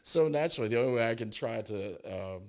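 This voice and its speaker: A man, a musician and the guest, chatting casually in an interview and telling stories with animated delivery. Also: medium pitch, quick pace. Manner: animated storyteller, acts out quotes.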